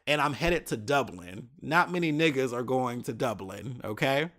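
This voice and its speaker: A man's voice: medium pitch, expressive, moderate pace, a bit bright. A man hosting his own podcast, recounting a trip in a casual, profane, exasperated way, full of asides. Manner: profane, exasperated anecdote telling with many asides. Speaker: podcast host. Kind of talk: casual solo podcast storytelling.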